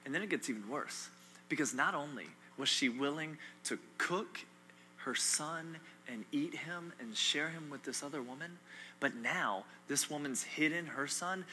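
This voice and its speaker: Bright, emphatic male preacher. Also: fairly high pitch, moderate pace, slight background noise. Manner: animated, repetitive, emphatic with humor. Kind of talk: sermon.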